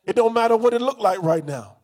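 High-voiced preacher leading a call-and-response sermon. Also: male voice, lively intonation, brisk, a little mellow. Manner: call-and-response, has congregation repeat phrases; rhythmic repetition, rising to emphatic bursts.

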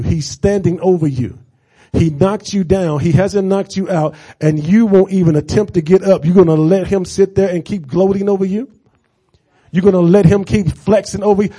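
A middle-aged male preacher delivering a sermon, moving from casual asides to fervent, repeated call-and-response shouting. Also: a little high, breathy edge. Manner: repeats phrases for emphasis, casual conversational asides.

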